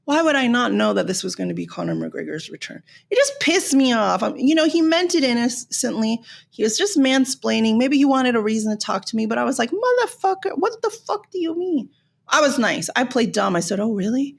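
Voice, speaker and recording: A woman from Los Angeles hosting a podcast, ranting in an animated, sarcastic way and swearing freely. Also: a little high, brisk, creaky. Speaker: podcast host. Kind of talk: casual rant.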